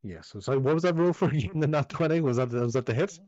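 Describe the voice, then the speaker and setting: A man running a tabletop game as game master, easygoing and quick to affirm, explaining rules and describing the scene. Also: medium pitch, lively intonation, a little mellow, dry recording. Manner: easygoing, affirming with repeated yeahs. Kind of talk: narrating and ruling a tabletop game. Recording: slightly dull lo-fi audio.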